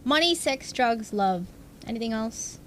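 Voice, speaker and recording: A woman's voice: on the high side, lively intonation, measured pace, a bit bright, a little hiss or hum. A young adult woman livestreamer chatting casually with her viewers, rambling and self-deprecating, laughing often. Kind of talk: casual stream chat.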